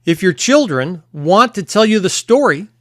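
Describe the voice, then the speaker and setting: A man, a therapist and coach, talking casually to camera and explaining things with pauses and repeats. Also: high-pitched, very animated, no room sound, clean studio sound. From United States. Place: at home early morning.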